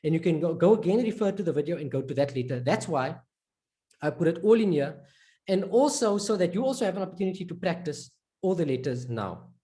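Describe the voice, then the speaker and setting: A man's voice: on the high side, lively intonation, warm tone. Encouraging male Arabic reading teacher. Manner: encouraging, repeats words slowly for drilling. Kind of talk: recorded online lesson.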